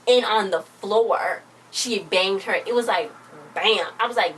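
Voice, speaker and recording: A young woman casually recapping a TV episode, chatty and animated, acting out the characters' lines and adding her own reactions. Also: mid-range voice, a little slow. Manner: chatty, animated retelling with quoted lines and asides. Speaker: TV episode reviewer. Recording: distant mic with faint background noise.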